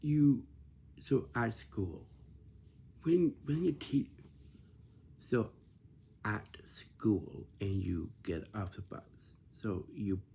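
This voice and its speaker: A man's voice: on the low side, very slow, vocal fry, pauses often, warm tone, a little hiss or hum. A man talking casually to camera, lecturing about lazy and rude behaviour and repeating himself often. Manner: repetitive, lecturing about manners.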